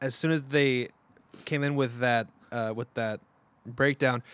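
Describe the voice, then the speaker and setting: A young man rambles through a story in casual podcast chat. He stops and restarts often, fills gaps with fillers and laughs along the way. His pitch is average and the sound is dry and close. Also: fairly even intonation, a little slow, a bit bright, smooth, no room sound.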